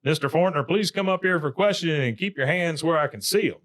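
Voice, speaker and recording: A man's voice: a little high, quick pace, fairly bright tone, pitched above the performer's own voice, close to an everyday voice. A man voicing a stern middle-aged propane salesman putting on a formal cop act.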